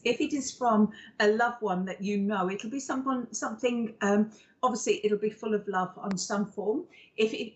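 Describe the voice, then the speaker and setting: A psychic medium hosting a live show does a card reading, her voice on the high side. She rambles affectionately, full of fillers and endearments.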